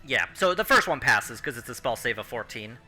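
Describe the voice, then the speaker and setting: Bright-voiced man running a tabletop game. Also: mid-range voice, expressive, brisk, faint music behind. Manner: hesitant, many ums while checking rules. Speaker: game master.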